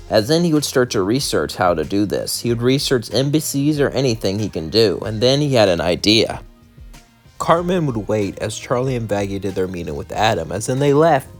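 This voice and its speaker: Rambling young man telling a fan story. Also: on the low side. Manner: rambling, informal, with asides. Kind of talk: casual fan-fiction storytelling.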